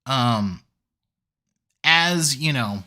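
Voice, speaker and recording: A man's voice: mid-range voice, lively intonation, extremely slow, sharp tone. A man giving a casual solo review of a wrestling show, chatty with lots of fillers and easy laughs.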